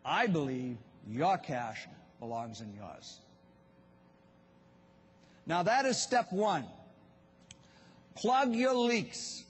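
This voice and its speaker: A man's voice: fairly high pitch, sing-song, drawn-out words, long pauses, breathy edge. A man with a Boston accent giving a motivational business seminar talk, telling stories and addressing the audience directly. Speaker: business speaker. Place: event hall. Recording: long hall reverb.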